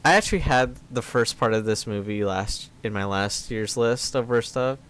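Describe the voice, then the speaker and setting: A man's voice: medium pitch, normal speed, a bit bright, clean tone. A man co-hosting a podcast, complaining about films in exasperated, profane casual chat. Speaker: podcast co-host. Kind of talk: casual film review chat.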